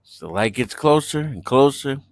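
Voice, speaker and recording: A man's voice: medium pitch, expressive, moderate pace, no echo, studio quality. A young man telling a party story in a laid-back, slangy way. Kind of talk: casual storytime vlog.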